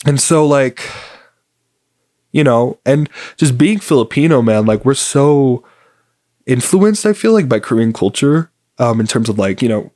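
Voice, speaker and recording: Young man hosting a casual solo podcast. Mid-pitched, rambling and upbeat, heavy on fillers. Dry recording. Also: darkish tone, no room sound. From United States. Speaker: podcast host.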